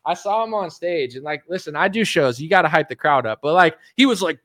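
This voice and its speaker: A man's voice: fairly high pitch, expressive, fairly quick, fairly bright tone, no echo. Rambling sarcastic male streamer, dry sound. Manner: rambling, sarcastic, heavy filler "like". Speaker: political commentator streamer. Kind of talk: casual livestream rant.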